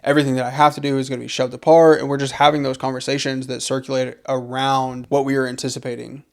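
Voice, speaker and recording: A man's voice: mid-range voice, flat delivery, fast, gravelly, darkish tone. A young man co-hosting a podcast, talking earnestly and reflectively about faith in a casual conversation. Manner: earnest, reflective, repeats phrases for emphasis. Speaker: podcast co-host.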